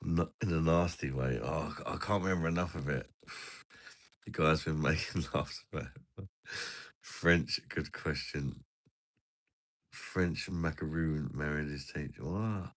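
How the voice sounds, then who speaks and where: A man's voice: a bass voice, unhurried, pauses often. A man hosting a casual beer-review live stream, bantering and swearing with viewers.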